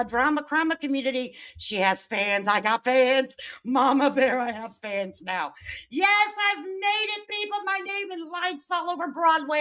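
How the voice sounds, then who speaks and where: A woman commenting on online drama during a livestream, reading posts aloud and answering them with sarcasm and sudden loud outbursts. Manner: sassy, sarcastic, swings between loud outbursts and low mutters.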